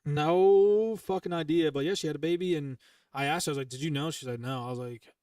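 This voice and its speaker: Racing along at medium pitch, this young man is a podcast host and former Marine sergeant. His casual storytelling is profane, emphatic, and packed with fillers, and the sound is dry with no echo, picked up some distance from the mic.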